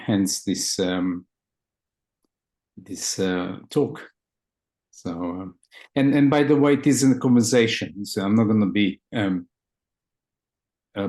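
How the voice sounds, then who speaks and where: A man speaking as a guest therapist, explaining his field in a thoughtful, halting way and often restarting his words. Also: fairly low pitch, a little mellow. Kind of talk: conversational explanation.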